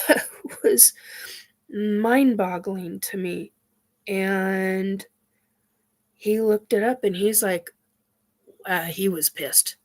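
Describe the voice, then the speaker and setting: A woman hosting a casual spiritual chat, talking in a halting way with many fillers and sighs, her nose stuffed up from crying. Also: medium pitch, fairly even intonation, a little mellow. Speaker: host.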